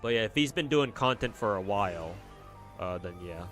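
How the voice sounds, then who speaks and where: A man with a somewhat low voice talks through a game stream in a loose, rambling way, answering chat bluntly and swearing without a second thought. Faint game music sits quietly underneath his voice. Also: animated, normal speed. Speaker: livestreamer. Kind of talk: casual commentary while playing and reading chat.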